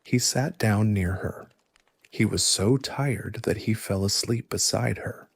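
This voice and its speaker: Slow, husky male sleep-story narrator. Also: lowish voice, no echo. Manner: slow, hushed, soothing delivery. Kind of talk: soft ASMR storytelling.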